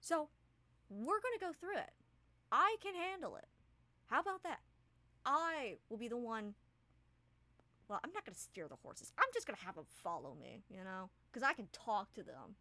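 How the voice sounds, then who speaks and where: Boastful pushy creature guide, put on by a woman game master, high and bright, dry sound. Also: big pitch swings, normal speed, long pauses, no room sound, exaggerated voice. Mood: insistent.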